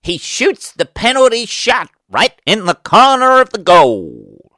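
An English man doing an impression of an excitable American soccer commentator calling play-by-play. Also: sits high, takes it slowly, no echo, clean studio sound, voice pushed up, exaggerated voice. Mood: excited. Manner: overexcited play-by-play delivery.

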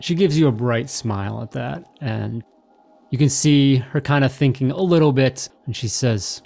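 A man narrating as game master in a relaxed, hesitant way with many fillers. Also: medium pitch, moderate pace, creaky, faint music behind.

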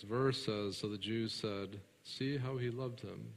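A man preaching a sermon, alternating between loud emphatic passages and hushed, soft ones, and putting questions to his congregation that he answers himself. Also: on the low side, steady tone, normal speed, hardly any pauses. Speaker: pastor. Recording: reverberant large room.

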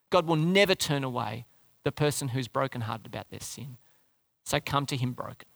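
A man's voice: medium pitch, animated, moderate pace, gravelly, a bit bright, no echo. A man preaching a sermon, emphatic and asking the congregation rhetorical questions. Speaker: pastor.

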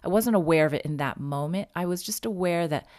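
Woman storyteller, low pitch, dry close sound, halting and reflective. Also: darkish tone, dry recording. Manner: halting, reflective, frequent restarts. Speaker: podcast guest sharing a personal story. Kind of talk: conversational personal storytelling.

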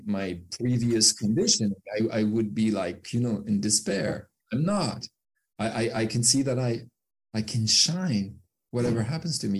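A man with a French accent, a guest in a casual interview, who talks hesitantly, repeating words and laughing easily. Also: fairly low pitch. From France. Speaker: guest, film director.

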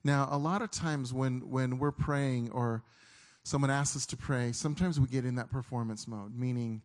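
Middle-aged guy preaching, earnest, lots of stops and restarts, regular pitch. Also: fairly even intonation. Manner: earnest, halting, with frequent restarts. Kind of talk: sermon storytelling.

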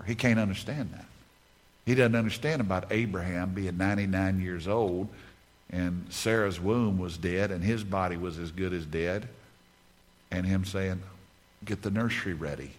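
Lower-voiced man preaching with emphatic repetition. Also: normal speed. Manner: emphatic, repeats phrases for emphasis. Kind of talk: sermon. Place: conference stage.

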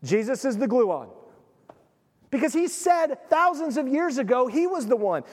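A man preaching a sermon with animated storytelling, acting out the voices of the people in his stories. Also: extremely high pitch, normal speed. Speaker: pastor. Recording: long hall reverb.

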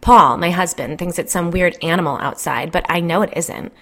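A woman's voice: lowish voice, normal speed, sharp tone. A woman voicing a stressed, gossipy suburban mother who swears and complains in an agitated way, peppering her speech with "like.". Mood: complaining.

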